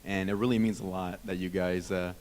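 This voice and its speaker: A man in his thirties giving a rambling, heartfelt wedding toast as the groom's brother, teasing himself between warm words. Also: low voice, level tone, fairly quick, a little hiss or hum. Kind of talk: wedding speech. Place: wedding reception hall. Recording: long reverb of a reception hall.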